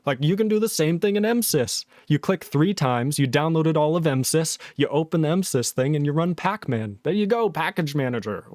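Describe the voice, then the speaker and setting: A fed-up man rants on a coding livestream, his voice pitched a little high and recorded dry and close. He swears freely and slips into mocking voices to parody the people he argues with. His sarcasm stays sharp the whole time. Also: animated, moderate pace, no echo. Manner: exasperated, sarcastic, swears often, mocks others in put-on voices. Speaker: livestreaming programmer. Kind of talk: ranting casual stream talk.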